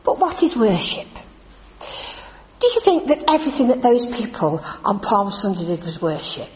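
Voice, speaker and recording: Woman, lively preacher, chatty storyteller, roomy church hall, long reverb. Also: mid-range voice, normal speed, slight background noise. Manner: chatty, animated storytelling with laughs. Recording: echoey church hall from a distance.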